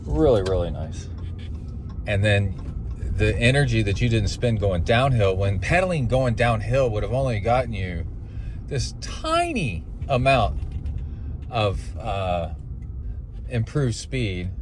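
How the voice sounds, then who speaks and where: A man's voice: on the low side, sing-song, slow, background noise. A man hosting an endurance sports podcast, chatting casually on the go with lots of ums and uhs. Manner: rambling, filler-heavy storytelling. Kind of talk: casual chat on the go.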